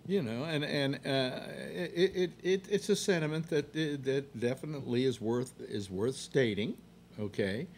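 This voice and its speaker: A man's voice: mid-range voice, a little slow, a little hiss or hum. A man hosting a casual panel chat, blunt and wisecracking. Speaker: host.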